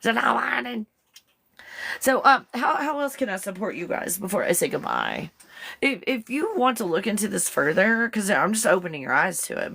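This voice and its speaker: A woman with a low, gravelly voice chats her way through a live stream on her phone. She rambles and giggles and keeps breaking off mid-thought. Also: fairly bright tone. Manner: rambling, giggly, chatty, talks to her dog in a high baby voice. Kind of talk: casual live-stream chat.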